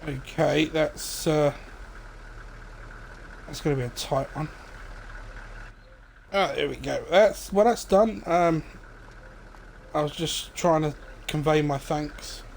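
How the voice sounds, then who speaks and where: A man talks through his farm game in a relaxed, meandering way, leaning on ums and uhs as he goes. His voice sits a touch higher than most men's. Faint birdsong and outdoor ambience drift underneath. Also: slow, vocal fry, long pauses, a little hiss or hum. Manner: relaxed, rambling, many fillers. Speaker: gaming streamer. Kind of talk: casual let's-play commentary.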